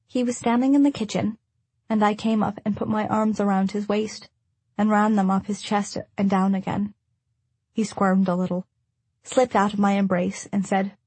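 Audiobook narrator, woman, husky voice, dry close sound, measured storytelling. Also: mid-range voice, warm tone, dry recording. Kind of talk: first-person audiobook narration.

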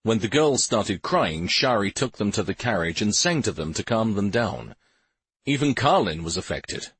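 A man reading a fantasy novel aloud in steady, even scripted narration. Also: on the low side, moderate pace, breathy edge, no room sound. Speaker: audiobook narrator.

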